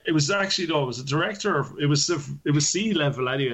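A man's voice: a little high, animated, very fast, a bit bright. A man, a network engineer telling a story in casual chat, swearing and laughing as he goes.

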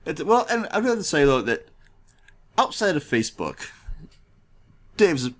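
A man from the Midwest talks as a podcast guest, and his pitch swings a lot as he speaks. He rambles along, filling gaps with "like" and "uh". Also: very animated, unhurried, fairly bright tone. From Midwest US, near Chicago. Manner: rambling, heavy use of filler words. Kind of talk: casual chat.

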